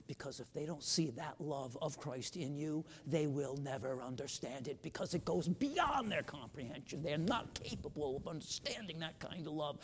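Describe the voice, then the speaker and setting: A man's voice: on the high side, lively intonation, normal speed, few pauses, in a large hall, a little hiss or hum. A man preaching a sermon, telling a personal story with humor and turning to an earnest appeal.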